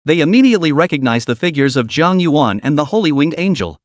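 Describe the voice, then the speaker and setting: A man's voice: a little high, very animated, fast talker, no room sound, clean studio sound. Dramatic male story narrator. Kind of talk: scripted comic recap narration.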